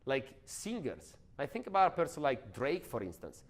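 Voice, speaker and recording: A man giving an energetic, emphatic sales training talk, often asking the audience questions. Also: a little high, normal speed.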